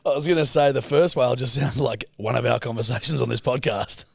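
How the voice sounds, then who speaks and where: A man's voice: mid-range voice, steady tone, fast, creaky, dry recording, clean studio sound. A man co-hosting a podcast, telling a story in a loose, sweary, laughing way. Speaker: podcast co-host. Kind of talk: casual chat and storytelling.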